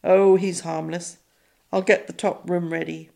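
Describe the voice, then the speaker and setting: A woman reading an audiobook, voicing a brisk, kindly middle-aged British stepmother. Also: on the low side, flat delivery, creaky, a little mellow.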